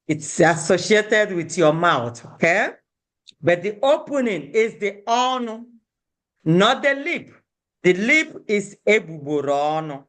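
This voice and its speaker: A woman's voice: on the low side, expressive, slow pace, long pauses, a bit bright. A woman teaching a beginner language class, patiently repeating each word and breaking words into syllables.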